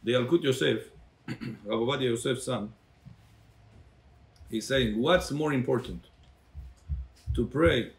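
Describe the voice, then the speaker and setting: Rabbi guy teaching a torah class, gravelly voice, keeps quizzing people by name. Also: medium pitch. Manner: calls on listeners by name, quizzes them; switches between English and Hebrew phrases.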